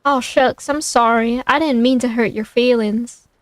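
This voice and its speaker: A chipper, folksy girl squirrel scientist who prattles on brightly, as a woman puts her on while reading a storybook. Her voice sits a little high and rings dry and close. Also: steady tone, unhurried, dry recording, natural voice. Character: spunky female squirrel scientist, chatty and folksy.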